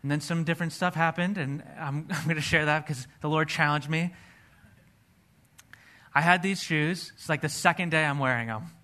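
A man's voice: on the high side, normal speed, bright, forceful tone. A man preaching a sermon, telling a personal testimony in an earnest storytelling way. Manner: earnest storytelling, acts out his own past dialogue.

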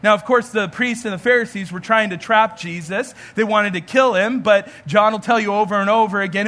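A man's voice: high voice, a little fast, hardly any pauses, bright, forceful tone. A man, a pastor, giving an earnest storytelling sermon and acting out the voices in the story.

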